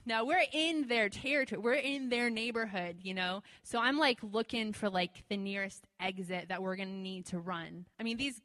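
A woman telling a story to an audience in a chatty, animated way, often laughing and using lots of fillers, recorded in a large hall. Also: mid-range voice, normal speed, hardly any pauses. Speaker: speaker sharing a testimony. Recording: long hall reverb.

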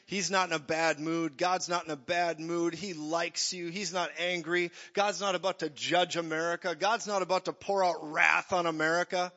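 High-ish bright preacher guy, lively sermon, acts out little voices, hall echo, muffled. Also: normal speed, hardly any pauses. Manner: animated, jokey, acts out voices. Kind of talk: energetic sermon. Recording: dull echoey hall.

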